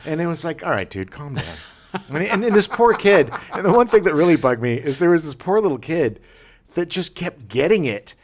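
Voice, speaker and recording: Animated middle-aged man telling stories. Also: a little high, brisk. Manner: animated storyteller, acts out movie scenes. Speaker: podcast co-host. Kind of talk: casual chat.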